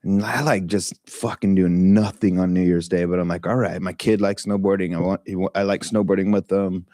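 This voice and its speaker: A man's voice: sits low, fairly even intonation, brisk, dark tone, no echo, studio quality. A middle-aged man leading a meditation talk, telling a personal story in a candid, casual way with frequent swearing, laughter and fillers.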